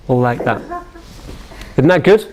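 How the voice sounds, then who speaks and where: A man's voice: mid-range voice, takes it slowly, a little hiss or hum. A man giving a sales training talk, telling anecdotes with animation and checking in with his listeners. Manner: animated storyteller, asks the room questions.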